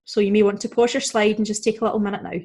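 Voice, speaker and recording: A woman teaching a beginner Spanish lesson, explaining step by step, saying Spanish example words slowly and clearly, and often checking in with "okay?" and "right?". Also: medium pitch, little pitch movement, a little mellow. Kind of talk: recorded beginner language lesson.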